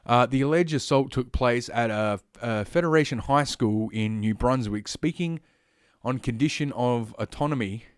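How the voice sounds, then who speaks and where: A man's voice: mid-range voice, moderate pace, clean tone, no echo, studio quality. Rambling, sarcastic Australian man. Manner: rambling, profane, sarcastic, with frequent fillers and asides. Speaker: podcast host. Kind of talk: solo commentary reading news stories.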